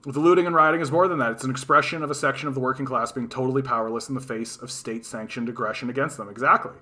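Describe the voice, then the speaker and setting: Profane, bright-voiced ranting man. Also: mid-range voice, rapid-fire. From Canada. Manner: profane, animated, mocking quoted voices. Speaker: livestream host. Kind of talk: casual ranting monologue.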